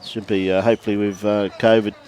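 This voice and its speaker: A man's voice: fairly low pitch, level tone, fast talker, darkish tone. An Australian man commentating a lawn bowls match in a chatty, joking way, greeting viewers and calling people mate. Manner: chatty, laughing, calls everyone mate. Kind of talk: live sports commentary.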